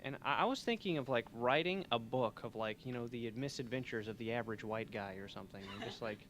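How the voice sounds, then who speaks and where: A man's voice: medium pitch, fast talker, background noise. A young man hosting a college radio show, chatting and joking in a loose, rambling, self-mocking way from a small studio. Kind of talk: rambling comedic radio chat.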